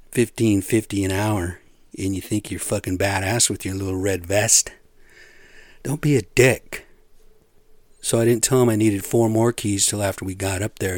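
A man's voice: on the low side, darkish tone, no room sound. A man giving a rambling, blunt rant full of swearing, talking casually about his day and whatever crosses his mind.

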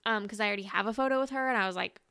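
A woman in her twenties co-hosting a podcast, telling stories in an animated, emotional way with lots of "like". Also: medium pitch, very fast, clear, resonant tone, dry recording, studio quality. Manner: animated, emotional storytelling full of "like". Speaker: podcast co-host. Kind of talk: casual chat.

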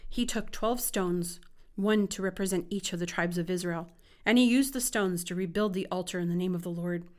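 Woman reading scripture aloud, expressive. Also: lowish voice, moderate pace. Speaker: Bible reader.

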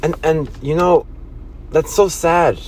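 A man with a fairly high, slightly mellow voice speaks slowly as the host of a motivational podcast, with slight background noise. His earnest delivery is full of restarts and repeated phrases, and he acts out scolding voices in quotes.

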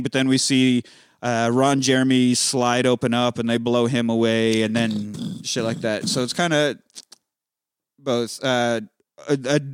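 A man's voice: medium pitch, clean tone, dry recording, clean studio sound. A man casually recapping a film as a podcast host, swearing freely and acting out the characters' lines. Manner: profane, acts out characters' lines.

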